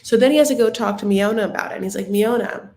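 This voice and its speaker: A woman's voice: medium pitch, rapid-fire, darkish tone, reverberant. A young adult woman hosting a casual live recap chat, gossipy and rambling, heavy on filler words. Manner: chatty, gossipy, lots of "like" fillers. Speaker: show recap host.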